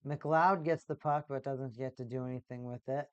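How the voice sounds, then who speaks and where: A livestream host giving casual play-by-play commentary on a hockey game for a watch party, an excitable talker who gets loud at big plays. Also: mid-range voice, moderate pace, clear, resonant tone, no room sound, muffled recording.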